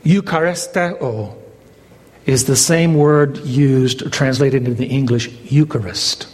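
A man's voice: mid-range voice, steady tone, unhurried, darkish tone. A male pastor preaching a sermon, dramatic, his voice climbing as he voices the exchange between Jesus and Peter. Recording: long hall reverb.

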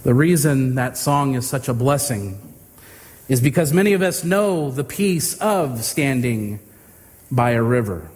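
A male pastor giving a sermon with earnest, drawn-out emphasis. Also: medium pitch, animated, darkish tone. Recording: reverberant hall with faint ambience.

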